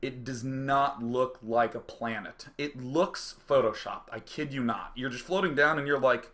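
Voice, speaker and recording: A man telling a casual, profane anecdote, acting out his own reactions and dropping to quiet mutters when reliving the aftermath. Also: mid-range voice, moderate pace. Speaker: storyteller.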